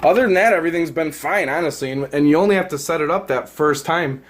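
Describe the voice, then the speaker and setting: A man's voice: on the high side, fast talker, slight background noise. A man giving a casual hands-on product demo at home beside a tank, filming on a handheld phone and rambling with lots of fillers and self-corrections. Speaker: product reviewer.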